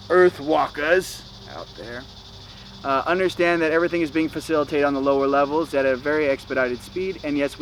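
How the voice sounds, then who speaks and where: On his spiritual vlog, a young man with a mid-range, fairly bright voice talks loosely and uses slang, dropping plenty of "you know"s and "okay"s. The recording is rough, with slight background noise.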